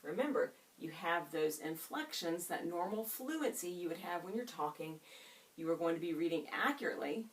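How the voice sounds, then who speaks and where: A woman's voice: lowish voice, recorded from a distance. A woman teacher giving a reading lesson to students, asking them questions and stretching out key words. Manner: expressive, drawn-out teacherly delivery with questions to students. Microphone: camera set up in the room.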